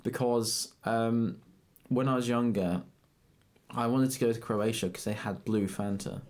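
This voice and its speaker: A man's voice: mid-range voice, measured pace, darkish tone. A young man in his twenties co-hosting a podcast, chatting casually and rambling with frequent laughs. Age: 20s. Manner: rambling, laughs often, swears. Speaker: podcast co-host. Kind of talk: casual chat.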